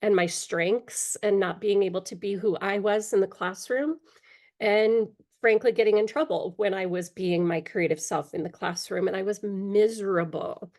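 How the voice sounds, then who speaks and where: Occasionally clearing her throat from allergies, a middle-aged woman guest speaks candidly about her own life in an interview. Her voice is middle-pitched and a little mellow, punctuated by halting pauses and small fillers.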